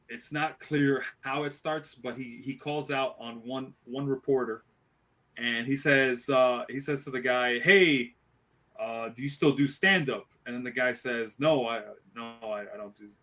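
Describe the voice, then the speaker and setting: A man's voice: medium pitch, pushed and bright, muffled recording. A man hosting a casual wrestling podcast, retelling a story animatedly with lots of restarts. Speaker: podcast host.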